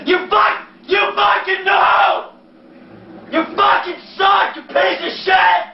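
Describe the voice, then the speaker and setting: A man playing a video game, shouting furious profanity at other players. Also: extremely high pitch, level tone, takes it slowly, vocal fry. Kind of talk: raging gameplay outbursts. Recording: muffled echoey room, distant mic, loud noise and crowd.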